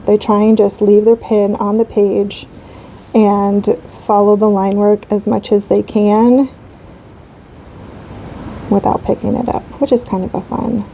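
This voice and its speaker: Creaky and mellow, this woman's medium-pitched voice comes through a low-quality recording with slight background noise. She's in her thirties, hosts a coloring channel, and rambles casually with plenty of fillers as she colors.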